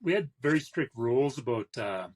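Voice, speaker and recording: A man's voice: mid-range voice, lively intonation, low-quality recording. A man from western Canada, a tattooer, telling rambling shop stories in a casual podcast chat. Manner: rambling, quick anecdotes with acted-out quotes. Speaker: tattooer guest. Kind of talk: casual storytelling.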